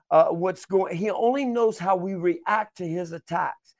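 High-voiced man preaching with passion. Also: unhurried. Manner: dramatic, acts out his own prayers; stammers and repeats words in emotional bursts. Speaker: pastor and guest. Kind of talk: impassioned prophetic preaching.

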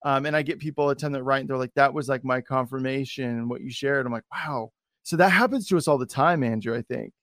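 A man's voice: medium pitch, fast, a bit bright, no room sound, clean studio sound. A man hosting a podcast, telling a personal story in a loose, rambling way with many restarts. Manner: rambling, full of restarts and fillers. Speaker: podcast host.

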